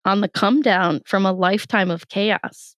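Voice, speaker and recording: Recorded dry, this young comedian speaks at a normal speed in a mid-range voice. She's a podcast guest chatting from her bed in a casual interview, telling lively stories, laughing a lot, and performing other people's lines.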